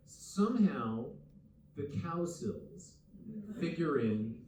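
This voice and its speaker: A man's voice: fairly high pitch, sing-song, drawn-out words, a little mellow. A man hosting a live onstage interview in a theater, asking eager questions that often stumble into a restart. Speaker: interview host. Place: theater stage before an audience. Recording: echoey hall, distant mic, faint noise.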